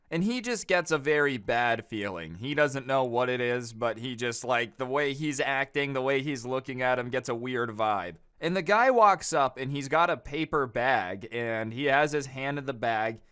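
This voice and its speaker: A man's voice: mid-range voice, a bit bright, smooth. A young man telling viewer stories in a casual, exasperated and sarcastic way, acting out the people he quotes. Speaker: storytime YouTuber. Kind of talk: casual storytime commentary.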